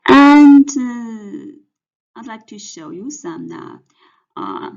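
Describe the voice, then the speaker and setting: A woman with a Mandarin Chinese accent, a native Chinese speaker, teaching a language lesson in a slow, hesitant way with many fillers. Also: on the high side, wildly swooping pitch, a little mellow. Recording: dull lo-fi audio.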